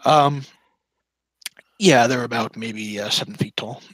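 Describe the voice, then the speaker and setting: A man running a tabletop game as game master, describing scenes in a halting way with fillers. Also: mid-range voice, no room sound, rough recording.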